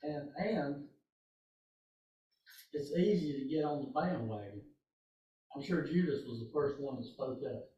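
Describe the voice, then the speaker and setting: A man's voice: on the high side, unhurried, pauses often, dark tone, dull audio. A man in a study group speaking reflectively and conversationally. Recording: distant, echoey room.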